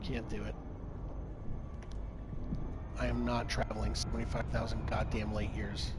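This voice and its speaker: Cursing, excitable young man streaming a game. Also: fairly low pitch, unhurried, heavy background noise. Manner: profane, exasperated, excitable. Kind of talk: live gameplay commentary.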